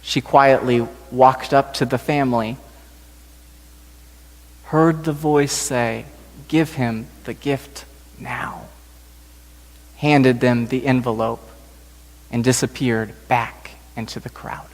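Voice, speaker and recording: A male pastor slowly telling a story during a sermon in a church sanctuary. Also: mid-range voice, steady tone, long reverb tail. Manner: slow, gentle storytelling.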